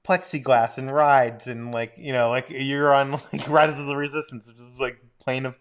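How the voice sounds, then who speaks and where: A man co-hosting a relaxed livestream, talking in a loose, rambling, easygoing way. He reads viewer questions aloud in a voice of ordinary pitch for a man. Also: moderate pace, clear, resonant tone. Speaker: co-host. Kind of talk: casual livestream chat.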